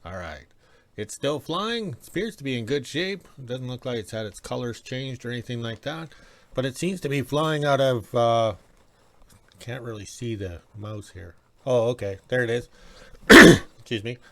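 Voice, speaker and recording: A man's voice: medium pitch, expressive, moderate pace, fairly bright tone. A man telling a story in a casual vlog, chatty and stopping often for an emphatic "yes". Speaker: vlogger.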